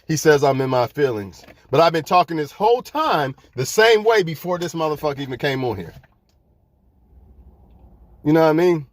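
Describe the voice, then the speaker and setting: A man's voice: on the high side, expressive, moderate pace, pauses often, dry recording. A man giving fiery life advice to his viewers in a profane, preachy rant.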